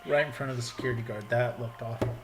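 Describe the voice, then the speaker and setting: A man's voice: mid-range voice, noisy background. A man chatting casually and telling funny stories in a jokey, playful way. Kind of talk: casual comedic chat.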